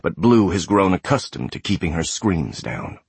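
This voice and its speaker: A man narrating an audiobook thriller in a steady, measured, tense way. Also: deep voice, creaky, breathy edge, no echo.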